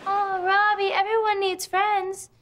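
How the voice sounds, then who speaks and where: A woman's voice: extremely high pitch, little pitch movement, unhurried, a bit bright, a faint crowd, a little hiss or hum. An actress playing a giddy, scatterbrained teenage girl student in a sitcom. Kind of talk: sitcom acting. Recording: studio audience laughter.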